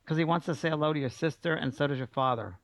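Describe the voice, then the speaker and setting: A man hosting a radio call-in show as a psychic medium, giving a caller warm, reassuring messages. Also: on the high side, quick pace, no echo. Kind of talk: call-in reading. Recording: dull lo-fi broadcast audio.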